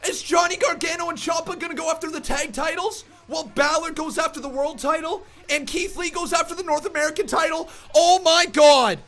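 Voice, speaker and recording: A man streaming a live reaction, shouting in frantic, excitable exclamations and shaking with excitement. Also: very high voice, brisk, hardly any pauses, soft background music.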